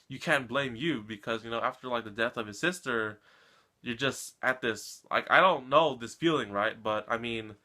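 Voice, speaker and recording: Bright-voiced man recapping an anime. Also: mid-range voice. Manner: rambling, keeps tagging "right?". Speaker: anime reaction vlogger. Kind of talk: casual episode recap.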